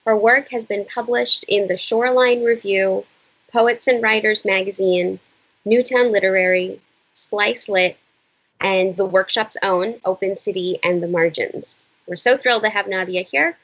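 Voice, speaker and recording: A woman hosting an online reading, giving a brisk scripted introduction over a video call. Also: mid-range voice, fairly bright tone. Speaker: event host. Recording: muffled video call audio.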